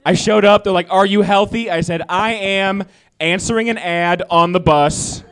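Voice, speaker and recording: A man with a high voice performs stand-up comedy, animated and self-deprecating as he works through his jokes. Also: normal speed, smooth. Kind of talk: stand-up set.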